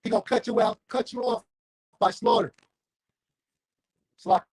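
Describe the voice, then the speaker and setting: A man's voice: high-pitched, fairly even intonation, normal speed, vocal fry, a little mellow, no room sound. A man giving a fiery, confrontational street sermon, reading scripture aloud and calling on listeners. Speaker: street preacher.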